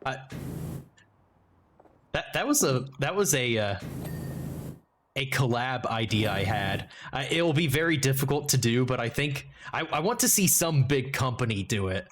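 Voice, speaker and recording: A man's voice: mid-range voice, expressive, normal speed, long pauses, fairly bright tone. A man streaming a game and chatting casually, rambling and joking as he interrupts himself. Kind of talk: casual livestream chat while gaming.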